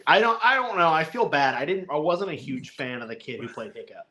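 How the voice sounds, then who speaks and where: A man's voice: fairly high pitch, expressive, fairly quick, sharp tone. A man co-hosting a casual film review chat, rambling, chuckling and acting out lines in little voices. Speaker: podcast co-host reviewing a film.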